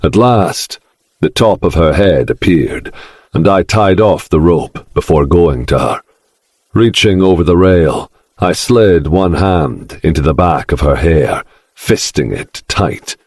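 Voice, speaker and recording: Very deep, slow, husky male narrator. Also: animated, no room sound, studio quality. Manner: slow, brooding, dark delivery. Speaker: audiobook narrator. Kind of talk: first-person romance audiobook narration.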